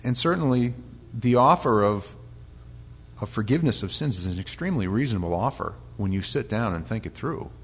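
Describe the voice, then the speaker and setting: An American man preaching a conversational Bible sermon, chatty with restarts, sometimes building to loud, impassioned storytelling. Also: fairly low pitch, expressive, brisk. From United States. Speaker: pastor.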